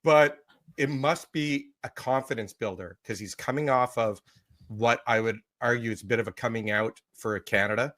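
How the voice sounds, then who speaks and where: A man's voice: mid-range voice, normal speed, a bit bright. A man co-hosting a sports podcast, chatty and jokey, often laughing. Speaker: podcast co-host. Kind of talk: casual sports podcast chat.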